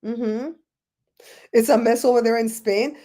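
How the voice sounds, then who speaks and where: A Belizean woman hosting a livestream, chatting in a rambling, animated way and answering viewers' comments. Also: on the high side, a little slow. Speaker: show host. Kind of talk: casual livestream chat, reading comments.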